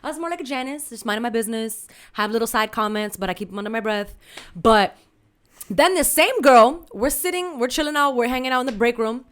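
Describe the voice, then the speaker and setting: A woman's voice: fairly high pitch, lively intonation, brisk, a bit bright. A woman podcast co-host telling a candid story in casual chat, full of slang and Spanish asides.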